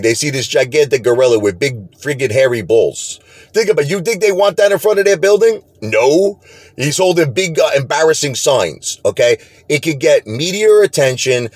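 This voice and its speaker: A man's voice: fairly high pitch, no room sound. A middle-aged man, talking straight to camera in an emphatic, repetitive rant as the host of his own video channel. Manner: animated, emphatic, repeats himself. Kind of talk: casual direct-to-camera rant.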